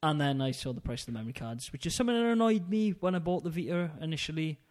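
A man's voice: fairly high pitch, expressive, fast talker, a little mellow. Chatty, rambling podcast co-host man. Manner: chatty, rambling, with frequent ums and laughs. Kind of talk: casual chat.

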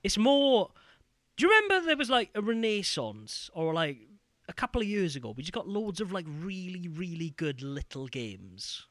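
With a British English accent, this UK podcast co-host rants in an animated, casual chat, dropping in many filler words. His voice sits high and runs at a normal speed, captured in a dry recording.

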